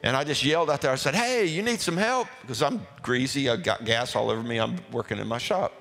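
A man, a pastor, tells a folksy testimony to his congregation, animated and stumbling over repeated words. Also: medium pitch, fast talker, creaky. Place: church sanctuary. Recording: reverberant hall with faint music.

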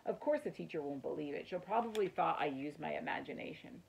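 A woman voicing a kind, friendly young boy in a children's story read aloud, speaking gently. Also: deep voice, expressive, fast, gravelly, slight background noise, heavily acted, low-quality recording. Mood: warm.

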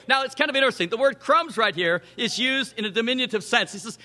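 Brief: animated male preacher, bright and forceful, high-pitched, delivering a sermon. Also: fast, few pauses. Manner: animated, acts out the quoted voices in the scripture story.

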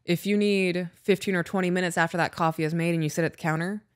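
A woman's voice: on the low side, fairly even intonation, fast, dry recording, clean studio sound. A woman co-hosting a podcast in casual chat, frank and swearing freely as she tells stories. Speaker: podcast co-host.

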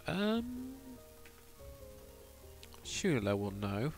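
A man's voice: a little high, wildly swooping pitch, drawn-out words, a little mellow, faint music behind. A man on a casual live stream, thinking aloud and muttering to himself as he builds, stopping now and then to read out and answer viewer chat.

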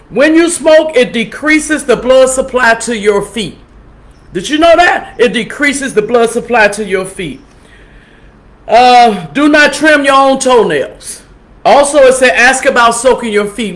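A woman's voice: fairly high pitch, fairly bright tone. Earnest woman pastor giving health advice. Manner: earnest, reads advice aloud and urges viewers. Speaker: pastor and health show host. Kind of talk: casual live-streamed health talk.

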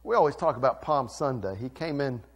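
A male pastor preaching a sermon, swinging from quiet, intimate lines to loud, fervent ones. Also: medium pitch, expressive, a little fast. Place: church sanctuary.

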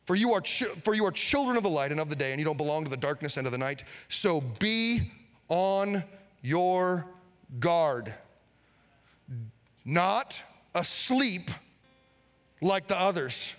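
A male pastor preaching an energetic sermon, leading the congregation in call-and-response. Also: sits high, a little slow, pauses often, big-room sound. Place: church sanctuary.

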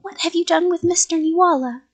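A woman voicing a frightened child in a storybook, shouting in a high, shrill voice as she reads aloud. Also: brisk. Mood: scared.

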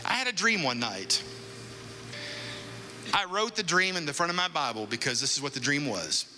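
A man pastor telling a personal story in a sermon, with dramatic, animated storytelling. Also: on the high side, moderate pace, a little hiss or hum.

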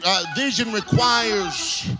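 A man pastor preaching a sermon in a rhythmic, sing-song style that swells into shouts. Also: sits high, slow pace. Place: church sanctuary. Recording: reverberant hall with music underneath.

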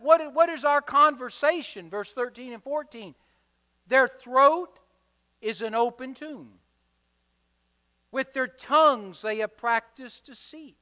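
A man's voice: extremely high pitch, pushed and bright, clean tone. A man preaching a sermon, driving his points home with rhythmic, emphatic repetition. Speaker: pastor. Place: church sanctuary. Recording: reverberant church hall.

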